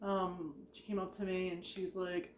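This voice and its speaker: A woman's voice: lowish voice, little pitch movement, measured pace, a little hiss or hum. Chatty woman telling work stories. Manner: chatty, rambling, heavy use of "like", frequent laughter. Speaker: vlogger recounting retail work stories. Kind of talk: casual storytelling. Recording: echoey room.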